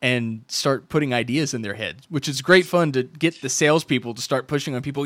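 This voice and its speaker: A man's voice: medium pitch, a little fast, few pauses, a bit bright, no echo, studio quality. A man hosting a podcast in casual chat, telling rambling stories and acting out quoted dialogue. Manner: rambling storyteller, acts out quoted dialogue with restarts. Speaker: podcast host.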